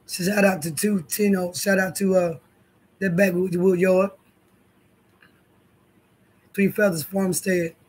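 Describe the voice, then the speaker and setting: A woman's voice: fairly low pitch, flat delivery, slow pace, long pauses, a little mellow, slightly rough. A woman hosting her own vlog, talking straight to her viewers in a blunt, profane way. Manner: blunt, profane, addresses viewers and others directly. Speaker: YouTube channel host.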